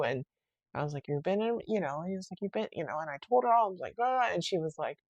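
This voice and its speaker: A young woman hosting a casual solo podcast, telling a story in a rambling, animated way with many fillers and restarts. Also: on the low side, fast talker, dry recording. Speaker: podcast host.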